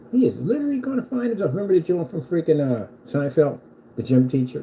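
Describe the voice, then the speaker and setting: A man's voice: a little high, big pitch swings, quick pace, mellow, slight background noise, low-quality recording. A man who sells screen paint, delivering a heated, mocking reaction rant at a rival. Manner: mocking, combative.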